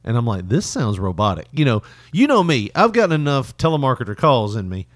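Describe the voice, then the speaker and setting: A man's voice: mid-range voice, big pitch swings, brisk, no echo. A man co-hosting a casual chat, telling a rambling story with cursing, frequent laughs and voices he mimics. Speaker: podcast co-host.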